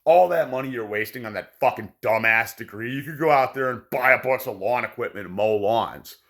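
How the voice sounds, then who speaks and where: A man's voice: medium pitch, fairly quick, a bit bright. A man delivering a profane, sarcastic ranting monologue to his viewers. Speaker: vlogger.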